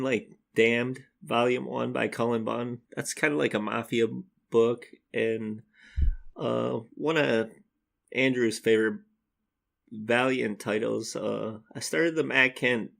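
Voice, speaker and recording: A man with a gravelly edge to his voice, chatting casually as a podcast co-host. He rambles along in an upbeat way and laughs easily, at a middle pitch. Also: fairly even intonation, slow pace, a bit bright. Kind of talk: casual chat.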